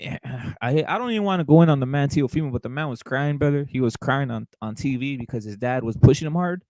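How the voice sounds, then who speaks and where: With a warm, medium-pitched voice moving a little fast, a man hosting a boxing show rants casually on a livestream. It's profane, heated, and repetitive, punctuated by constant "brother"s. The audio is poor with no room sound.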